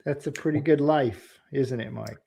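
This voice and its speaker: A man's voice: mid-range voice, moderate pace, gravelly, warm tone, breathy edge. A man hosting a podcast interview, chatting casually with his guest and chuckling while he talks. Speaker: podcast host.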